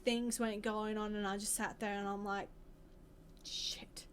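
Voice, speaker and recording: A woman's voice: medium pitch, little pitch movement, brisk, slight background noise. Candid Australian woman telling a story. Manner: candid, rambling, with frequent restarts. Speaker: vlogger. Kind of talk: personal storytelling to camera.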